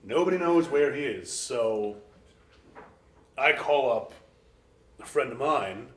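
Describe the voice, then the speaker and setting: A man telling a wild story as an interview guest, animated, acting out quoted voices and laughing often. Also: medium pitch, slow, reverberant. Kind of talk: casual storytelling.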